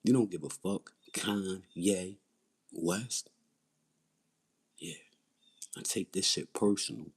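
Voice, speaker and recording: Husky low-voiced man, intense. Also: slow pace, pauses often. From Philadelphia, USA. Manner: intense, repetitive, blunt and profane. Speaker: livestream host. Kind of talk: raw personal testimony on a livestream.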